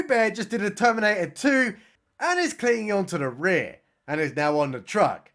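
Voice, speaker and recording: A man's voice: high-pitched, expressive, a bit bright. A man giving a sarcastic, mocking comedic recap of a film. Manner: sarcastic, mocking, does quick voices for characters. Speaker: film reviewer.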